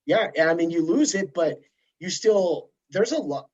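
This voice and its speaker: A man hosts a casual podcast chat. His voice sits a little high and sounds husky. The recording is dull and lo-fi. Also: moderate pace. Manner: rambling, animated storytelling with put-on voices. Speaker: podcast host.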